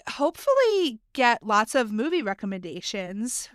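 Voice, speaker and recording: A chatty woman co-hosts a podcast, giggling and filling gaps with ums. Her voice is smooth and clear. The sound is dry and close. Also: fairly high pitch, very animated, normal speed, dry recording. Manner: chatty, giggly, lots of fillers. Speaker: podcast co-host. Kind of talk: casual podcast chat.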